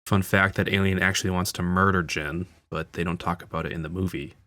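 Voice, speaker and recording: A man's voice: low voice, fairly even intonation, a little fast, bright, forceful tone, dry recording. A man hosting a casual film commentary, talking like an enthusiastic fan with frequent fillers and restarts. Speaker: channel host.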